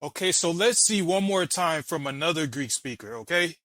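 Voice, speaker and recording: A man's voice: on the high side, lively intonation, normal speed, a bit bright, no echo, poor audio. A man hosting a reaction video, arguing and mocking while he explains letter by letter. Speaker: channel host reacting to a debate clip. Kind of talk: argumentative commentary.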